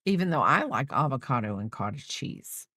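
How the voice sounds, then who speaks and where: Chatting loosely as she crochets, this middle-aged channel host replies to viewers and drifts off mid-sentence. She speaks at normal speed in an extremely low, husky, slightly bright voice that is very animated. The studio recording is clean with no room sound.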